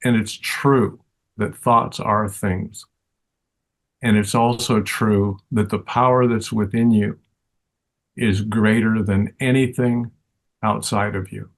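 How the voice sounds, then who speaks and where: Slow, earnest older man teaching. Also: lowish voice, fairly even intonation. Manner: slow, earnest and reflective, with restarts. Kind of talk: reflective interview answers.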